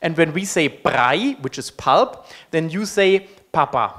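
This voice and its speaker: A man's voice: fairly high pitch, normal speed, fairly bright tone. A man from Germany with a German accent gives a public university lecture in English through a microphone, friendly and joking, with frequent ums and uhs. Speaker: guest lecturer. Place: university hall. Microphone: amplified microphone.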